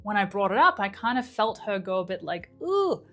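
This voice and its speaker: A woman's voice: mid-range voice, brisk, sharp tone, faint music behind. Woman telling a story to camera. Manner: conversational, re-enacts quotes. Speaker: mind-body coach.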